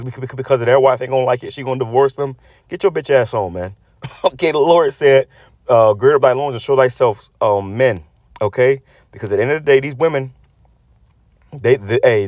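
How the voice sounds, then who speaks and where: Man, mid-pitch, preaching rant with heavy swearing, stutters and repeats words as he restarts, dry close sound. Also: a little mellow, no echo. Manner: profane, blunt, repeats words while restarting; reads scripture aloud then comments on it. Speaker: religious channel host.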